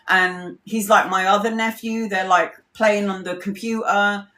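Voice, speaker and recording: A woman tells a rambling personal story for her followers, chatty and quick to laugh, with casual swearing. Her voice sits at an ordinary middle pitch. The room around her gives a noticeable echo. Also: fairly even intonation, pushed and bright. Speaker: tarot reader. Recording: roomy echo.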